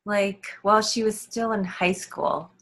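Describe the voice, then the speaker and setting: A woman guest on an interview show, telling a personal story in a halting way, with many ums and restarts. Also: mid-range voice, steady tone. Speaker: guest author.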